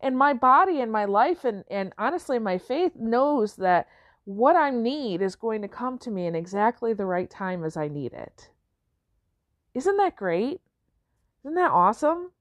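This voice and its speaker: A woman's voice: on the high side, sing-song, unhurried, no echo, studio quality. A woman who coaches business owners, talking in a reflective, conversational way, often asking "right?" and rephrasing as she goes. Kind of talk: reflective casual talk.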